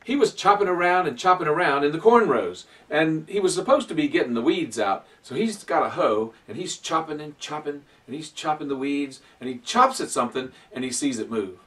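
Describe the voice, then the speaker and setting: A male storyteller spins a folk tale for children, his voice leaping between highs and lows. He sits a bit high for a man and sounds picked up from across the room. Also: far from the mic. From Virginia, USA. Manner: animated, folksy, dramatic pauses.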